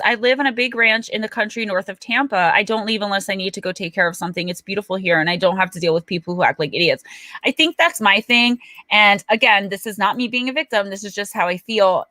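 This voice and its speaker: Bright, chatty New woman. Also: mid-range voice, no echo, clean studio sound. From Paterson, New Jersey. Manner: chatty, animated storyteller who laughs often. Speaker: livestream host. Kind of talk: casual livestream chat.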